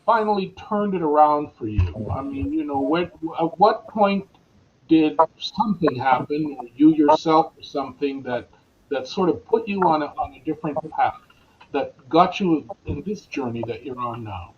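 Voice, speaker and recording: Man, interview host, fairly high voice, faint hiss, slightly muffled. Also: lively intonation, normal speed. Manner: encouraging, conversational, light laughs. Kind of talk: casual interview chat.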